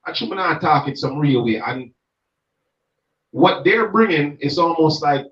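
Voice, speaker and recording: An emphatic Jamaican man with a fairly high voice reasons like a street preacher, speaking in patois and pressing his points home. He sounds distant from the mic, in an echoey room, and the recording is muffled. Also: expressive, normal speed, a bit bright. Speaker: street gospel minister. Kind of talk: passionate reasoning conversation.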